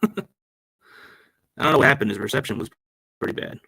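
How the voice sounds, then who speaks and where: Dude hosting a sports podcast off his laptop, bright kinda tense voice, super casual rambling. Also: on the low side, very fast, creaky, husky. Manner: rambling, slangy, addresses listeners as man and dude. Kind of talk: casual chat. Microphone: laptop microphone.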